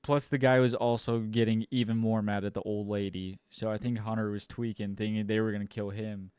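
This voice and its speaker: A young man co-hosting a podcast, telling a story in a casual, profane, animated way. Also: fairly low pitch, a little fast, smooth, no room sound, studio quality. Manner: animated, profane storyteller who acts out quotes loudly. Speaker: podcast co-host.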